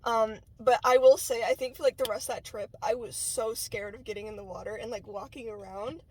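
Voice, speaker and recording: A woman's voice: a little high, fairly even intonation, a little fast, a little mellow, slightly rough, low-quality recording. A young woman vlogger telling a childhood story in a casual, chatty way, full of fillers and "right?" check-ins.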